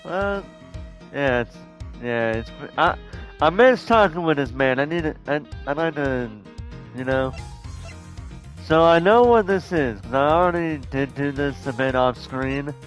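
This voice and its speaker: A man with a slightly high, animated voice streams a game, chatting casually and unhurriedly with viewers. His talk rambles with many restarts, the recording is rough, and faint game music plays behind him.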